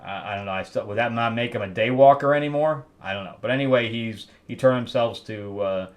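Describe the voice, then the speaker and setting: A man's voice: mid-range voice, a little fast. A man hosting a casual comic book review, rambling and exasperated, with laughing asides. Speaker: host.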